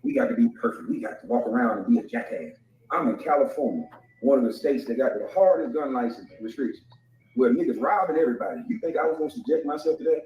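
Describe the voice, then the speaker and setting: A man's voice: mid-range voice, expressive, quick pace, darkish tone, slight background noise. A man in a heated call-out rant, mocking and profane, taunting the person he is addressing. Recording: echoey, far from mic.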